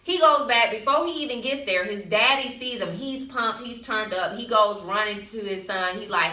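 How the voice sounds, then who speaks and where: A woman co-hosting a talk show, retelling a scripture story in a loose, slangy, lively way. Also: medium pitch, normal speed, hardly any pauses. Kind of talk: casual faith-segment storytelling. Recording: roomy, mic at a distance.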